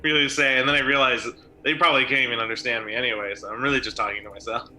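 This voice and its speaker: A man's voice: mid-range voice, steady tone, rapid-fire, pushed and bright. Een man die speelt in een tabletop-spel, wat onhandig en lachend om zichzelf. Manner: awkward, laughing, self-aware. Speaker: player. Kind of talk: casual tabletop play.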